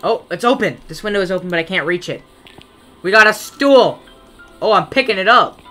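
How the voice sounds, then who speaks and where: A gaming creator playing a horror game, reading the on-screen text aloud and joking back at it, sometimes yelling playfully in tense moments. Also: mid-range voice, expressive, a little fast, soft background music.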